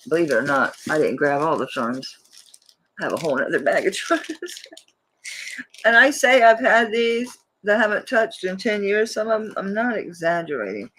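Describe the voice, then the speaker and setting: A woman's voice: lowish voice, a bit bright, slight background noise. A woman hosting a live jewelry auction, chatting casually and rambling, laughing often as she shows pieces. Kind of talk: casual live-stream selling chat.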